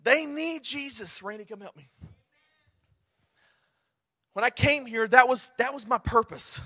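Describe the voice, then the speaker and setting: Man, pastor, very high voice, bright and forceful, chatty sermon delivery. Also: unhurried. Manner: conversational, humorous, then impassioned.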